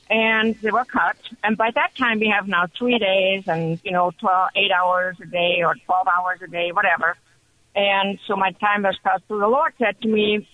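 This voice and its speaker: A woman calling in to a radio show, telling her story in an excited, chatty way. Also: medium pitch. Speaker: caller. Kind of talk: call-in radio testimony. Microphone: telephone. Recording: muffled phone line.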